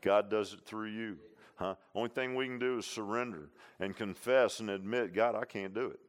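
A man's voice: fairly low pitch, moderate pace. A man preaching a sermon, repeating lines for emphasis and tossing in "huh?" and "amen.". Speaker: pastor.

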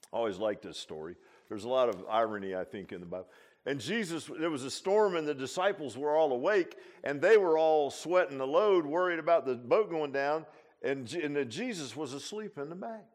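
A man preaching an informal sermon as pastor, animated and folksy, tossing in laughs and rhetorical asides. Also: mid-range voice.

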